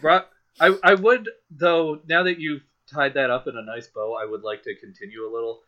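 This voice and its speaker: Snarky podcast guy, bright tense voice, kinda muffled lo-fi audio. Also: on the high side, normal speed. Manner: sardonic, mock-grumpy. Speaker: podcast co-host. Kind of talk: casual banter, reading a book aloud.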